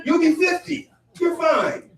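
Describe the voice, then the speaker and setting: A man voicing a cheery adult friend who brushes off worries in a shouty, high voice, in a stand-up comedy bit. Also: expressive, a little slow, heavy reverb, recorded from a distance. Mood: breezy.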